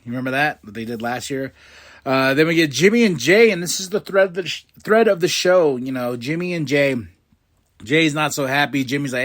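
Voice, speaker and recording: A man hosting a podcast, recapping a wrestling show in a casual, excitable way and putting on quick voices for the people in it. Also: mid-range voice. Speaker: podcast host.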